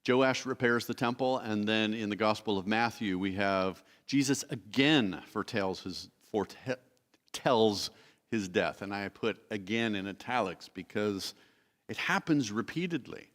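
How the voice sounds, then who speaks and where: A man's voice: on the low side, fairly bright tone. Man teaching scripture in a reverberant hall. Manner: explanatory, pausing to correct himself, reading verses aloud. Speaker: preacher teaching a Bible study. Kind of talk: Bible teaching sermon. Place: church sanctuary.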